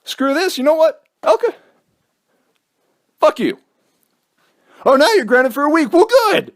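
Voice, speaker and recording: A man's voice: very high voice, big pitch swings, measured pace, no room sound, studio quality, pitched above the performer's own voice, full character voice. A man playing a mouthy, indignant teenage boy. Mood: defiant. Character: bratty angry teenage boy talking back.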